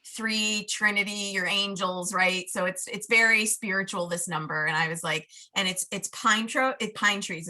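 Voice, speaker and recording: A woman guesting on a podcast as a life coach, telling a personal story in casual chat and acting out her inner voices in an animated way. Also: mid-range voice.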